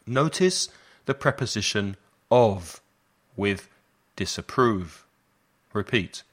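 A man leads a lesson. His voice sits a little low, and he speaks very slowly and deliberately. He repeats short phrases so learners can copy them. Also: a bit bright. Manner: slow, deliberate repetition for learners. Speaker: English teacher. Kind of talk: slow language lesson drills.

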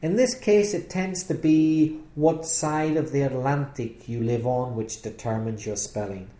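A British man explains spelling rules like a patient English teacher. His tone is mellow and a bit dark, and the voice rings in an echoey room. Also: mid-range voice, unhurried.

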